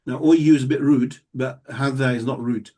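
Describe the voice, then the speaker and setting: A man's voice: mid-range voice, steady tone, normal speed, dark tone. Guy teaching a class, patient, keeps checking everyone follows, kinda far off the mic. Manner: patient, explains step by step and checks understanding. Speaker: Arabic teacher. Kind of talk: live classroom lesson. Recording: voice somewhat distant from the mic.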